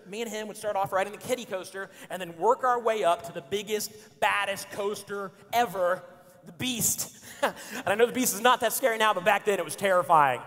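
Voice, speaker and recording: A man in his forties giving a playful storytelling sermon as a pastor, acting out his friends' lines. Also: high-pitched. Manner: animated, playful, acts out friends' lines with shouts and laughs. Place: church auditorium. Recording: church hall reverb.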